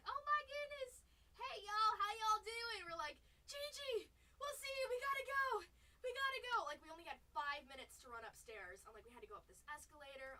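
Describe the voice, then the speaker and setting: A woman's voice: high voice, bright, forceful tone, distant mic, rough recording. A young woman hosting a livestream card break, chatting in a bubbly way, greeting viewers by name and laughing often. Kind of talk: casual livestream chat. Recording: voice a bit off-mic with faint background noise.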